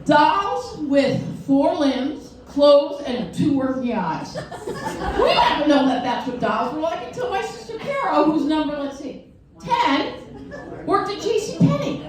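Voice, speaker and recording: High-voiced animated woman doing stand-up. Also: a little slow, very noisy. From Wisconsin. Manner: animated storytelling with mocking voices. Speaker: stand-up comedian. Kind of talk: stand-up comedy set. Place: comedy venue with live audience. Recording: roomy, distant mic, audience laughter.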